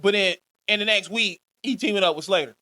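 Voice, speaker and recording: A woman's voice: medium pitch, brisk, pushed and bright. A woman co-hosting a wrestling podcast, talking bluntly and animatedly and swearing freely. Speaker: podcast co-host. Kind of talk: casual chat.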